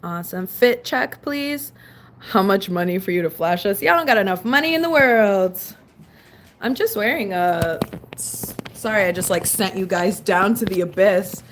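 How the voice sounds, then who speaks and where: A woman's voice: mid-range voice, normal speed, a little hiss or hum. A woman chatting casually on a live stream at home, answering her viewers and scolding her dog between remarks. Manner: chatty, reads and answers chat. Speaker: livestreamer.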